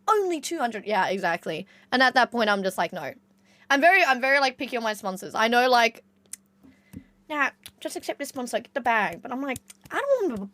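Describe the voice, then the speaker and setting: A young woman chatting casually with her live-stream chat, excitable, jumping between squeals and low mutters. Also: no room sound. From Australia.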